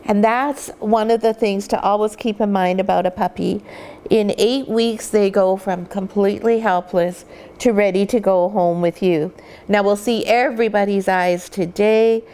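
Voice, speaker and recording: A woman dog breeder giving an instructional demonstration, gently cooing at the puppies now and then. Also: mid-range voice, fairly even intonation, moderate pace, clean tone.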